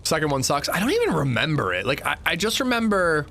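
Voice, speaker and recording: A man's voice: fairly high pitch, huge pitch swings, fast talker, gravelly, pushed and bright. Chatty male gamer talking to chat. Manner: chatty, answers chat, swears when annoyed. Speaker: streamer. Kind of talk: casual livestream chat while gaming.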